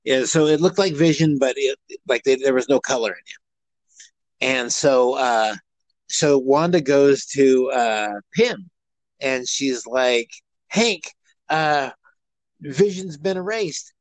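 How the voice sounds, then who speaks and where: A man talks casually as a podcast co-host, rambling and restarting his sentences, with plenty of fillers. His voice sits at an ordinary middle pitch. The sound is dry and close, with no room around it. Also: slow pace, no echo, rough recording. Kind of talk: casual chat.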